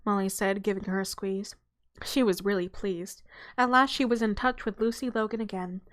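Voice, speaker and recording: A woman reads a children's novel aloud to her channel audience. Her pitch sits at an ordinary middle height. Her delivery is relaxed and unpolished, with occasional stumbles she corrects as she goes. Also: normal speed. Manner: relaxed reading with small stumbles and self-corrections; breaks off for a light aside and a laugh.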